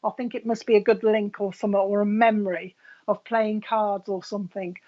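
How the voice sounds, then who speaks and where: A woman's voice: medium pitch, level tone, brisk, muffled recording. A woman working as a psychic medium, giving a live reading in a chatty way with frequent laughs.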